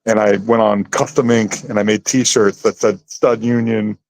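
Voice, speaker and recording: Male actor guest, casual chat, animated storyteller who slips into voices, dry close sound. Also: lowish voice, normal speed, no echo, poor audio. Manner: animated, acts out voices in his anecdotes.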